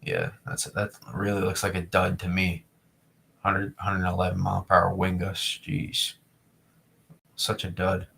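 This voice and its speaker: A man's voice: low voice, gravelly, sharp tone, slight background noise. A young man from New England chatting casually to his live-stream viewers, rambling and repeating himself as he reads the chat. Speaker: weather streamer.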